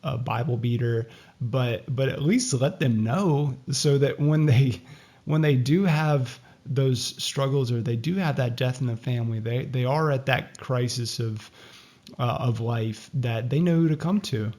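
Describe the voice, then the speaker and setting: A man's voice: mid-range voice, unhurried, darkish tone. A man hosting an interview, speaking in an earnest, encouraging way. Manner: earnest, encouraging, faith-based reflection. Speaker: podcast host.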